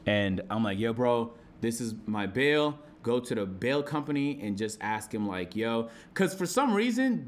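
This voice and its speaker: A young man streaming live, telling a story to his chat in a profane, excitable way and acting out shouted quotes. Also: medium pitch.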